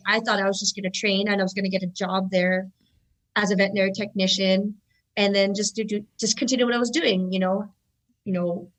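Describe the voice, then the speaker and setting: A young woman from California, a guest on a podcast, chatting casually and telling stories with lively acted-out voices. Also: mid-range voice, rough recording. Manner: animated storyteller, acts out quoted voices. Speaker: podcast guest, jiu-jitsu athlete. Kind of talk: casual chat.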